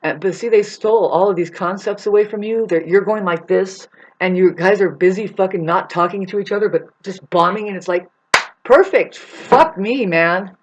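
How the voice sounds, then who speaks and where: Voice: medium pitch, moderate pace, highs cut off, slight background noise. A vlogger delivering an angry, rambling, profane monologue that warns and scolds the listener. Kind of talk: ranting monologue.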